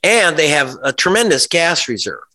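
A man's voice: fairly high pitch, sing-song, moderate pace, pushed and bright. A man, a journalist guest in an interview, talking in an emphatic, sarcastic way with many restarts and asides. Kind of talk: conversational interview.

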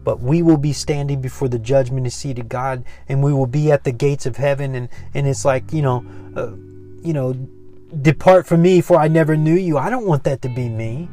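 A man preaching an earnest sermon and leading a prayer, often repeating words and building to excited peaks. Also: mid-range voice, normal speed, soft background music.

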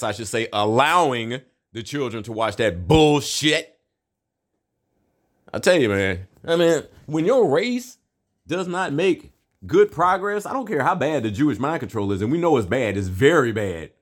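A man's voice: mid-range voice, normal speed, dry recording. Profane rambling man, dry sound. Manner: profane, rambling, constant "you know what I'm saying" fillers; animated, often laughing between points. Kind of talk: casual ranting monologue.

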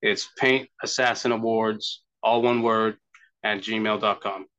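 A man's voice: lowish voice, fairly even intonation, a little slow, sharp tone. A man co-hosting a casual podcast, teasing and joking, laughing often and swearing freely. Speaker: podcast co-host.

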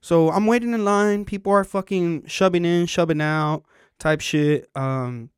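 Podcast guy telling a story, swears a lot, smooth clear voice, dry sound. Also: on the high side, a little slow, dry recording. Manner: animated, profane, acts out quotes. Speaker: podcast host. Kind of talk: casual storytelling chat.

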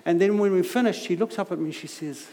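In a big church hall whose long echo trails his words, a middle-aged guest preacher delivers a story-driven sermon full of funny, self-deprecating asides. He talks quickly, in a high, mellow voice.

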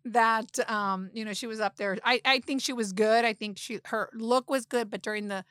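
A woman's voice: on the high side, steady tone, normal speed, fairly bright tone, smooth, no echo, clean studio sound. A middle-aged woman chatting casually as a podcast guest, blunt and swearing, often restarting her sentences. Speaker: guest, mother-in-law.

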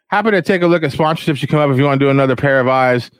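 A man hosting a podcast, ranting casually and profanely, rambling and mocking others in shrill voices. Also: fast, few pauses, no room sound. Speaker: podcast host. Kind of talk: casual rant. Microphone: headphones on, close mic.

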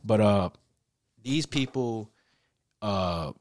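Lively young man telling a story. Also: on the low side, extremely slow, no room sound. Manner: animated storyteller, acts out others' lines loudly. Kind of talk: casual storytelling chat.

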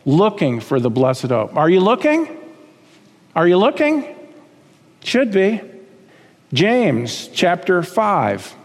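Male preacher, high-pitched and emphatic, voice swinging up and down, reverberant sanctuary sound. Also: huge pitch swings, slow pace, long pauses. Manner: emphatic, rises high on key words then drops low. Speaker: pastor. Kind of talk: sermon.

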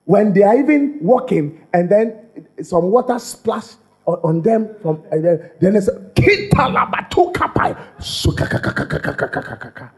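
With a voice that sits high and a moderate pace, a man preaches as a pastor. He circles back on phrases and restarts lines, animated and repetitive as his argument builds.

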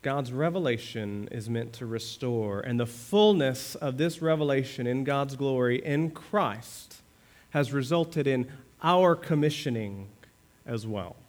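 A male pastor preaching a sermon, asking the congregation questions and building to fervent high points. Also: animated, unhurried. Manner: preaching with rising fervor, rhetorical questions to the congregation.

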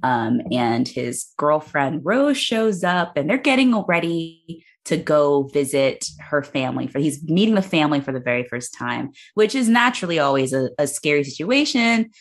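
Low-voiced woman podcast host. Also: normal speed, hardly any pauses. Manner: animated, recaps the plot and laughs often. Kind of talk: casual movie podcast chat.

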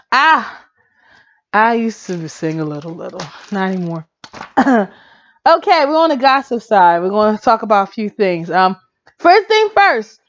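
A woman chatting casually about pop music and celebrity gossip, excitable, laughing often and breaking into song. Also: a little high, muffled recording. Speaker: pop culture vlogger.

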